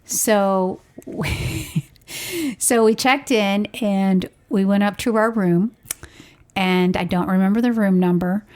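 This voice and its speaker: A woman co-hosting a parenting podcast and telling a family travel story in an animated, casual way. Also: mid-range voice, slow. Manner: animated, laughing retelling.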